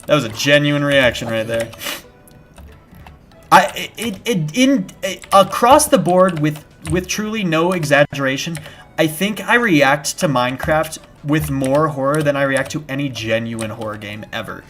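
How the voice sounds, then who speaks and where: A young man chatting casually on a live gaming stream, rambling and restarting his sentences, with bursts of shouted panic. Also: a little high, expressive, measured pace. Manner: rambling and self-interrupting, with sudden shouted panic at scares. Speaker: game streamer. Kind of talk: casual live-stream chat while playing. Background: background music.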